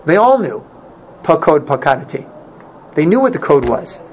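A man teaching an informal Torah class, animated and repeating his points for emphasis. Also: fairly high pitch, unhurried. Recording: dull lo-fi recording, faint noise.

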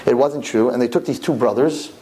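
A man's voice: medium pitch, brisk, noisy background. A man teaching a Torah class, telling a story animatedly and mixing in Hebrew and Yiddish terms. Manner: animated, swinging from hushed to loud exclamations.

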